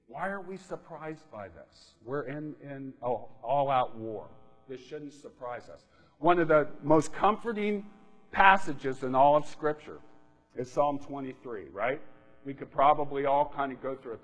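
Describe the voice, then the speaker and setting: A man's voice: a little high, a little slow, lo-fi sound. A man preaching a sermon in a conversational way, often checking in with his listeners by asking "right?". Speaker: pastor. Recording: long reverb of a hall.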